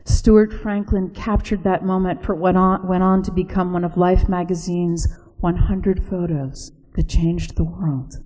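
A woman reads a reflective essay slowly and softly, sometimes sinking into a whisper. Her voice is low and mellow. A long reverb trails after her words, as if she is in a large hall. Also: fairly even intonation. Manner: slow and hushed, dropping to a whisper. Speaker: narrator.

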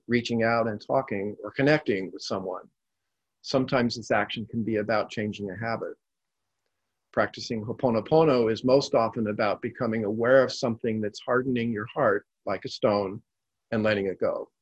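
A man reading a story in a measured, calm narration. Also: on the low side, husky, dry recording, highs cut off.

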